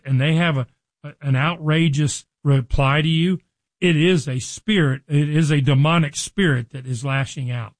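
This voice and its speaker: A man with a somewhat high voice is teaching from scripture. He talks through the story casually and dramatizes the characters' words as he goes. The sound is dry and close, with almost no room echo. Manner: retells scripture with lively dramatized quotes. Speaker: preacher. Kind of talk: Bible teaching.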